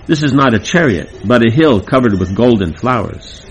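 A man's voice: mid-range voice, lively intonation, moderate pace, slight background noise, poor audio. A man reading a devotional play aloud to a class, breaking off for casual comments. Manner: plain reading broken by chatty comments.

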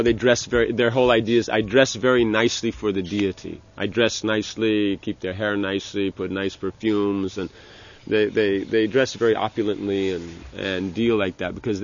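Speaking in a lowish, steady voice, a man delivers a casual religious talk as a spiritual teacher, stumbling through restarts and frequent "you know"s. The recording has its highs cut off.

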